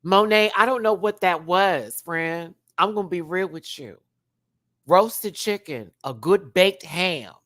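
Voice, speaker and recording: A man reviewing a reality show on a livestream, chatty and animated, swinging between loud bursts and hushed asides. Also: high voice, takes it slowly, dry recording, studio quality. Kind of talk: casual livestream commentary.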